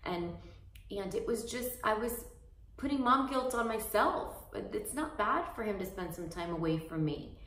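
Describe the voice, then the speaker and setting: A woman's voice: medium pitch, lively intonation, moderate pace, a bit bright. A woman fitness coach giving an earnest, encouraging motivational talk that rambles with restarts. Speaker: fitness coach and business owner. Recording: roomy echo, mic far off.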